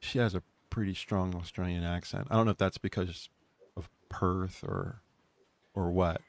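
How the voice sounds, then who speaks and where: Deep-voiced man, rambling chat. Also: steady tone, normal speed, vocal fry. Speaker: co-host. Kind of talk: casual online group chat.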